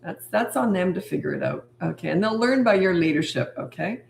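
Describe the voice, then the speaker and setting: A woman's voice: on the low side, animated, brisk, creaky, slight background noise. Blunt woman coaching parents, echoey room. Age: older. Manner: blunt, firm, repetitive phrasing. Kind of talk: live-stream Q&A.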